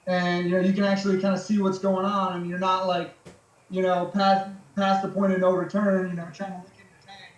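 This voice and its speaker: A man's voice: high voice, monotone, brisk, roomy sound, dull audio. A man, a military veteran, chatting as a podcast guest in a laid-back way, with lots of fillers and casual swearing. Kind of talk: casual storytelling chat.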